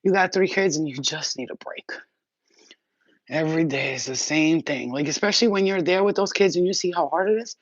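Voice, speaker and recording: A woman's voice: sits low, fairly quick, dry recording. A woman doing a spiritual reading, talking in a casual livestream chat that is blunt, profane and rambling. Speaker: spiritual reader. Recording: dull lo-fi, dry.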